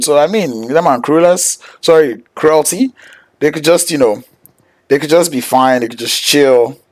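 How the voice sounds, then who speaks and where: A man casting a live esports match play-by-play, casual and joking with slang, rising to excited shouts when fights break out. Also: medium pitch. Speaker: esports caster.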